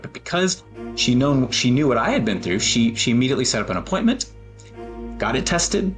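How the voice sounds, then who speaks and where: A man in his forties telling a personal story in an earnest, emotional way, with pauses and fillers. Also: mid-range voice. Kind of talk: personal talk with photos.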